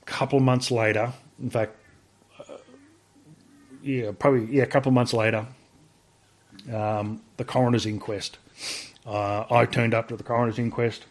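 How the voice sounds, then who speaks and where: A man's voice: mid-range voice, level tone, moderate pace, long pauses. A man with an Australian accent, a podcast guest telling a story in casual talk, blunt and profane, full of fillers.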